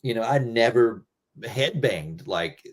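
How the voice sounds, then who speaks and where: A man's voice: medium pitch, expressive, slow. A middle-aged man talking loosely and rambling, swearing freely, as a guest musician in a casual interview.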